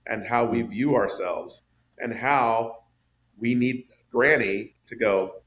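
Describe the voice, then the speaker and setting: A man in casual podcast chat about a film, animated and swinging his voice up high for emphasis. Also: slow pace, a little hiss or hum. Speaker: podcast panelist discussing a film.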